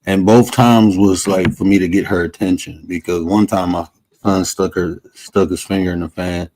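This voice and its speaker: A man's voice: sits low, fairly even intonation, normal speed, darkish tone, dry recording, rough recording. A man co-hosting a podcast, talking in a blunt, emphatic, slangy way in casual chat. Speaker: podcast co-host.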